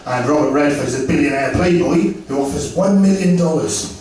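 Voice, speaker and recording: A man's voice: fairly high pitch, fairly quick, distant mic, a little hiss or hum. Man doing stand-up in an echoey club. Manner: animated, acts out both sides of dialogue. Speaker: stand-up comedian. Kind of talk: stand-up set with crowd work. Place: comedy club.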